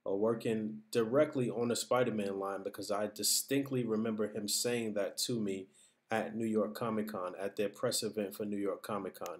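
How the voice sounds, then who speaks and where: Man, low voice, casual vlog commentary, hedging and thoughtful. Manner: reflective, hedging, talks things through. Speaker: vlogger.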